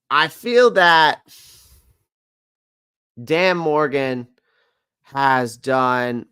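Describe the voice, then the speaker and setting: Guy doing a casual football stream, crisp bright voice, dry close mic, kinda rambly. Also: medium pitch, dry recording. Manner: rambling, repeats himself, reads viewer comments aloud. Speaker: sports talk host. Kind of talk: casual live-stream sports talk.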